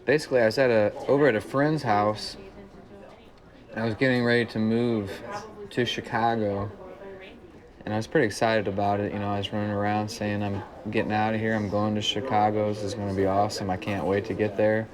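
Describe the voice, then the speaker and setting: A man's voice: lowish voice, little pitch movement, a little fast. A man from Central Illinois with a slight small-town country twang, telling stories in an easygoing interview, with plenty of "kinda" and "uh". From Central Illinois, United States. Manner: easygoing storyteller, many "kinda" and "uh". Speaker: musician interviewee. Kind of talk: relaxed interview talk. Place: working man's bar. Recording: noisy bar with crowd chatter. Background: bar crowd chatter.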